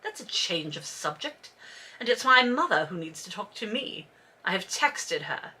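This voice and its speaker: A woman voicing a brooding young male aristocrat, reading his lines in a flat, clipped way. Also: medium pitch, moderate pace, husky, pitched below the performer's own voice, exaggerated voice, poor audio. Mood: curt.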